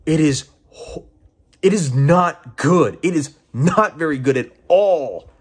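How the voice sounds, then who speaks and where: A man's voice: fairly high pitch, expressive, takes it slowly, slightly rough. A young man giving casual game commentary, exasperated and profane, often incredulous. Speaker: game reviewer.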